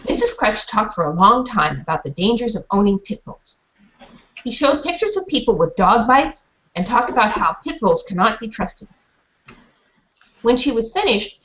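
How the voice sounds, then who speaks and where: A woman narrating a children's storybook with expressive, animated reading. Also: a little high, highs cut off.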